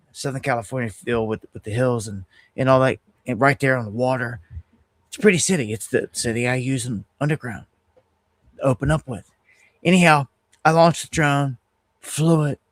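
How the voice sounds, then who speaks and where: A middle-aged man hosting a casual livestream, telling a story in an animated, heated way and restarting his sentences often. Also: mid-range voice, dry recording. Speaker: host of an independent news livestream.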